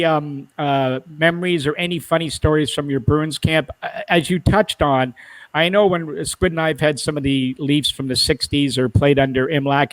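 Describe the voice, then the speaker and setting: A man's voice: on the high side, dry recording, low-quality recording. A male podcast host asking a guest questions with long, rambling setups. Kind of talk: casual interview questions.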